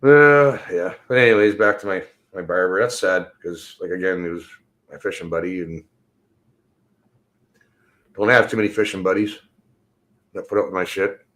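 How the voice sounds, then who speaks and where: A man's voice: low-pitched, normal speed, pauses often, fairly bright tone. A man ranting casually and bluntly on a livestream, swearing often and drifting from topic to topic. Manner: profane, rambling and blunt. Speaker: livestream host.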